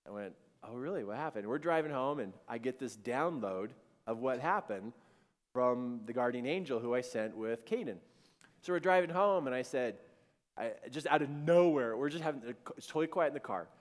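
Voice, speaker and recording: Animated, laughing storyteller man. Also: mid-range voice, moderate pace. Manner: animated, playful, laughs mid-sentence. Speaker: speaker. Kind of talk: storytelling talk. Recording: echoey hall.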